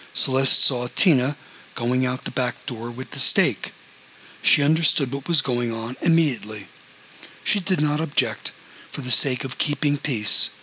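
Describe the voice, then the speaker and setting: A man narrating a story aloud in a steady, measured reading voice. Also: mid-range voice, slight background noise, low-quality recording.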